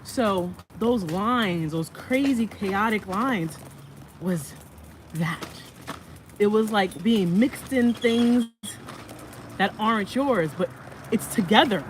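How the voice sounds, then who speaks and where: A woman's voice: mid-range voice, takes it slowly. A woman walking outdoors with a stroller, chatting casually and rambling about her art, often laughing. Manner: rambling, laughing, talks to her baby in a sing-song voice. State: pushing a stroller while walking. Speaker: vlogger and artist. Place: outdoors on a walk. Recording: noisy outdoor phone recording.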